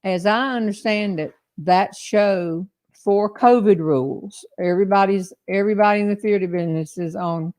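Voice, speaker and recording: A woman hosting a casual chat, asking questions in a relaxed, conversational way. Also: medium pitch, moderate pace. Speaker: host humorist.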